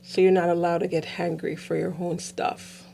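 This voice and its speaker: A woman host chats with her guest, answering with short, sympathetic comments. Her voice is gravelly and mellow. A faint hum runs in the background. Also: fairly low pitch, flat delivery, normal speed. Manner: sympathetic, brief replies. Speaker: host, pastor. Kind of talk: casual interview chat.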